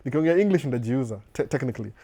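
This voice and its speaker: A man's voice: mid-range voice, animated, rapid-fire, dark tone, husky. A man from Kenya with a Kenyan accent and a slight American touch, hosting a live Q&A, reading viewer questions aloud and giving casual advice, often restarting his words. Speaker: host answering viewer questions. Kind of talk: live Q&A chat.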